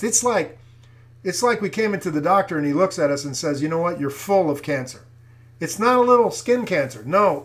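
A man's voice: sits high, a bit bright. An older man giving an emphatic, preaching commentary, repeating his phrases and calling his listeners folks. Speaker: Christian commentator.

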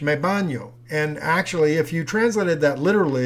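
Male preacher on an audio teaching; slightly high voice, easygoing and explanatory, full of fillers. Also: moderate pace, fairly bright tone. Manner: conversational, with fillers and restarts; explains with homely examples. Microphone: audio recording.

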